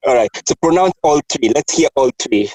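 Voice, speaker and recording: A man hosting a casual chat, animated and laughing often, restarting his sentences. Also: medium pitch, brisk, breathy edge, no echo, low-quality recording. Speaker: host.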